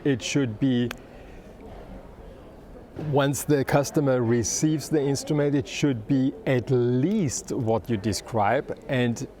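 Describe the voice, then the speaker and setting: A man's voice: medium pitch, slow, dark tone, slight background noise. A man, a violin maker talking casually in an interview, sometimes searching for English words. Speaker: luthier, shop owner.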